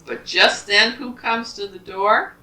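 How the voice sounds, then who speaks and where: A woman's voice: mid-range voice, slow. An older woman telling fairy tales aloud to a child and asking the child questions along the way. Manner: animated, asks the listening child questions. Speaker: storyteller. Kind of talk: reading children's stories aloud. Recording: roomy, distant home recording.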